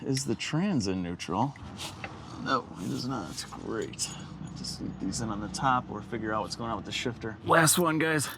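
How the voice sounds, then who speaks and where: A man vlogging while he repairs a car outdoors, joking with viewers in an excitable running commentary. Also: mid-range voice, noisy background. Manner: excitable, jokey, talks to viewers. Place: outdoors in the sun.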